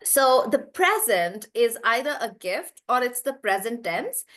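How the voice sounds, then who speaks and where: A woman's voice: a little high, very animated, measured pace, fairly bright tone. Woman teaching an online class. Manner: explains patiently, repeats words with stress; talks straight to the students. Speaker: English teacher.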